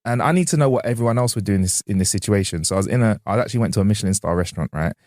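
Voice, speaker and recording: Fast-talking man, low voice. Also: a little mellow, no echo. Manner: laid-back slangy storytelling. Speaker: podcast co-host. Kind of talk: casual chat.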